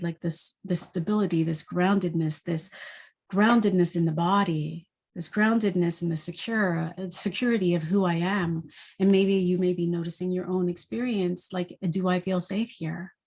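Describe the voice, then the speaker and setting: A woman with a somewhat low voice talks through a spiritual energy forecast. Her delivery is reflective and unscripted, full of rhetorical questions. She often fills her phrasing with "like". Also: steady tone, normal speed, a little mellow. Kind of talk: spiritual daily forecast monologue.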